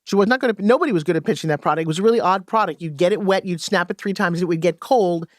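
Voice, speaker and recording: A woman guest and sales coach, telling stories in an animated way and acting out quoted dialogue in a podcast interview. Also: on the low side, very fast, dry recording, clean studio sound.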